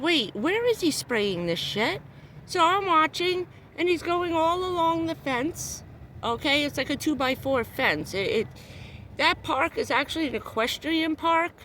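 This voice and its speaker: A woman's voice: high-pitched, animated, measured pace, a bit bright, a little hiss or hum. Furious, cursing woman ranting on a livestream. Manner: heated, profane, repetitive. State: upset, near tears. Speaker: vlogger. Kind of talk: angry livestream rant. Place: parked car.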